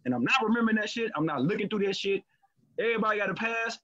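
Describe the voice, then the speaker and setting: Man, casual podcast chat, fairly high voice, candid and profane, muffled lo-fi recording. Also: very fast. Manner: candid, profane, animated storytelling.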